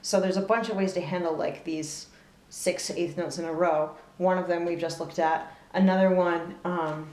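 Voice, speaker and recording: A woman giving a relaxed spoken fiddle lesson, thoughtful, often pausing with fillers as she explains bowing. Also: fairly low pitch. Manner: thoughtful, with fillers and soft laughs, counting beats aloud. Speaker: fiddle teacher. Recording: roomy echo with loud fiddle playing.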